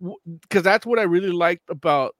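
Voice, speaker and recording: A man in his late thirties chatting on a podcast, swearing freely, laughing often, talking in animated bursts. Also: sits high, normal speed, no room sound. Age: late 30s. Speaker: podcast co-host. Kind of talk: casual chat.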